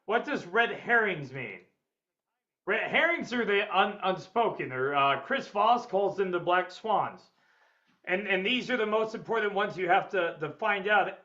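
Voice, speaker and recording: A man with a high-pitched voice leads a sales seminar. He is energetic and blunt and swears freely. The audio is dull and lo-fi. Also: unhurried. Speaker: sales trainer. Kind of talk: webinar seminar lecture.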